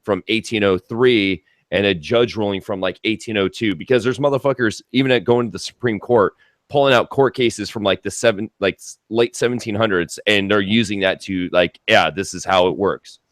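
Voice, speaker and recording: A low-voiced man co-hosting a loose talk show, a bit tipsy and rambling, with plenty of swearing and laughing asides. His voice is recorded close and dry, with no room sound. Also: brisk, dry recording. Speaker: co-host. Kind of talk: casual podcast chat.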